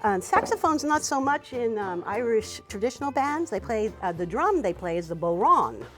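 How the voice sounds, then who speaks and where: A woman leads a cooking demonstration in a chatty, encouraging way, often saying "wee" and "you know". Her voice sits fairly high and swoops up and down a great deal, with soft music faint in the background. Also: big pitch swings, normal speed. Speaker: cooking teacher and show host.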